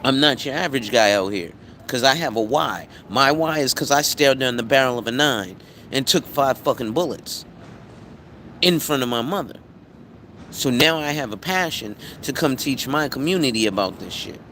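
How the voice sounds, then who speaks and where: A man hosting a casual live stream as an insurance agent, talking bluntly and profanely with animated storytelling. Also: medium pitch, normal speed, a little hiss or hum.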